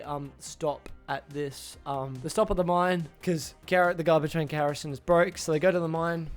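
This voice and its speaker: Rambling man recapping a film plot. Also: fairly high pitch. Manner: rambling, restarts names, acts out character lines. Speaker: YouTuber reviewing a film.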